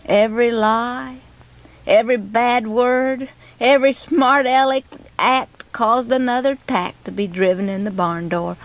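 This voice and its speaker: A woman narrating a scripted children's story in an expressive, animated way. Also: sits high, low-quality recording.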